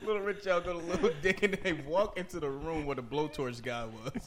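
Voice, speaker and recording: A man's voice: a little high, a little fast. A man from Los Angeles chatting casually, laughing often and swearing freely as he retells scenes. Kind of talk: casual chat.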